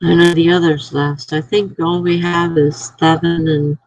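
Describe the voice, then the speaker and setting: A woman's voice: on the low side, fairly even intonation, unhurried, darkish tone, no echo, soft background music, low-quality recording. A woman chatting casually on a live stream, telling a rambling story to her viewers and sounding tired.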